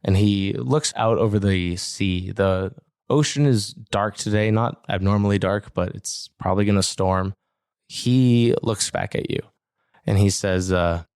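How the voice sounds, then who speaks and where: A man narrating a tabletop game as game master, relaxed with hesitant fillers. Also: lowish voice, measured pace, clear, resonant tone, dry recording, clean studio sound.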